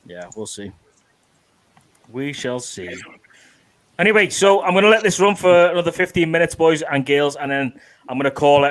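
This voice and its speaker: A man's voice: mid-range voice, fairly bright tone. A man hosting a casual livestream chat, swearing freely and laughing often, on a video call. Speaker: livestream host.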